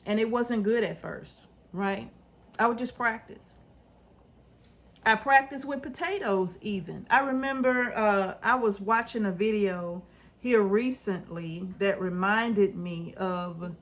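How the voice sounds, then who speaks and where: A woman's voice: mid-range voice, unhurried. A woman homestead vlogger giving casual, earnest advice to her viewers, repeating her points and checking in with "right?". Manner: informal, folksy speech.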